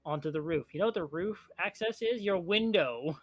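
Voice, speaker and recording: A man's voice: sits high, normal speed, dry recording. A man from the Midwest, running a tabletop game as game master, teasing his players, swearing freely and laughing often.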